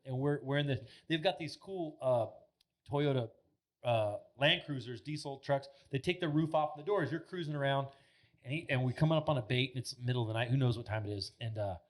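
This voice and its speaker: A man in his thirties, a podcast guest telling stories in a rambling, casual way, full of filler words and swearing. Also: medium pitch. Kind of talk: casual storytelling chat. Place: podcast studio.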